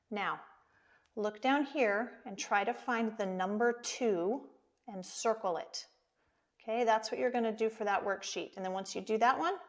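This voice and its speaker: An American woman teaching an online preschool lesson, speaking slowly and encouragingly to small children. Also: mid-range voice.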